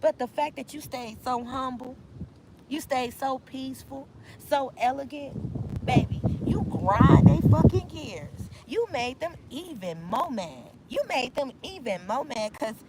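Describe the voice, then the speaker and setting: A woman's voice: high voice, animated, a little slow, very noisy. A woman giving a casual tarot reading outdoors, talking in an emphatic, slangy, repetitive way. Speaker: tarot reader. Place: outdoors in nature.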